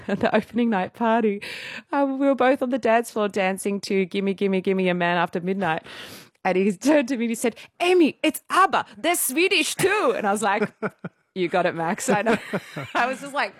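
Laughing often, a musical theatre performer in her thirties swaps stories as a guest on a relaxed radio show, lively and quick to poke fun at herself. She speaks at a medium pitch. There's no echo, and the studio sound is clean.

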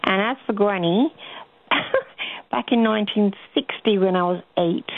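A woman's voice: mid-range voice, measured pace, dry recording. Older woman calling in by phone. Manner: chatty, animated storyteller. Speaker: caller. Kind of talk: phone-in chat. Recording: tinny phone line.

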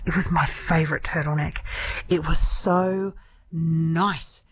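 A woman's voice: deep voice, steady tone, moderate pace, husky. Chatty woman radio host. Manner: chatty, self-deprecating, laughs easily. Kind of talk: casual radio chat.

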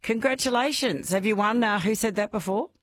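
A woman's voice: a little high, brisk, no echo, clean studio sound. A woman hosting a radio quiz, chatting casually and laughing often with callers.

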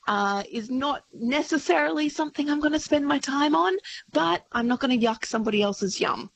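A woman's voice: high voice, lively intonation, moderate pace, gravelly, a little hiss or hum, rough recording. A woman giving a blunt, casually dismissive opinion on air. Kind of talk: opinionated radio comment.

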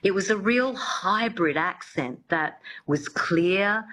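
A woman's voice: on the low side, animated, slow, fairly bright tone, poor audio. A woman accent coach, a guest on a radio interview, explaining in a loose way with some restarts.

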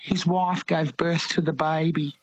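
An Australian woman calling in to a radio talk show, speaking slowly and earnestly, often repeating her words. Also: low voice, steady tone, darkish tone, slightly rough, dry recording, rough recording. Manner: slow, heartfelt, repeats words. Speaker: caller. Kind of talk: radio call-in chat.

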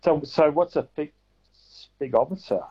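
A man's voice: on the high side, normal speed, breathy edge. A man calling into a radio quiz, chatty and self-mocking. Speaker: caller. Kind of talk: casual phone-in chat. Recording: dull phone-in line.

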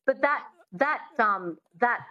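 A woman working as an accent coach on the radio. She explains patiently and models words slowly. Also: a little high, lively intonation, sharp tone, dull audio.

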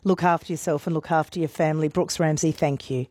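A woman's voice: low-pitched, steady tone, fast talker, a little mellow, dry recording. A woman hosting breakfast talk radio, chatty and emotional as she introduces guests and calls. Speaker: radio host.

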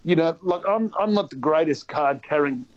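An Australian man chatting on the radio, with a slightly high voice that keeps restarting its sentences in lively bursts. The sound is dull and lo-fi. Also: normal speed. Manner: chatty and animated, with many restarts. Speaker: guest. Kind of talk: casual radio chat.

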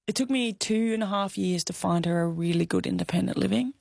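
A woman's voice: medium pitch, fairly quick, gravelly, a little mellow, dry recording. A young Australian woman telling a personal story in an interview, candid and heartfelt, close to tears. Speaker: guest.

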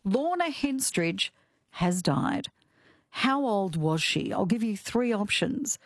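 A woman's voice: medium pitch, sing-song, takes it slowly, no room sound. A middle-aged Australian woman hosting a casual radio chat and quiz, chatty, with frequent fillers and easy laughter. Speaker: radio host.

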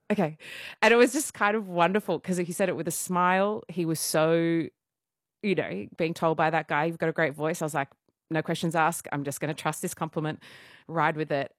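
A young adult woman, a musical theatre performer, telling stories in a chatty, animated way on a radio show, with many fillers. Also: low voice, normal speed, dry recording, clean studio sound. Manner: chatty, animated storytelling with frequent fillers and laughs. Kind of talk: casual radio interview chat.

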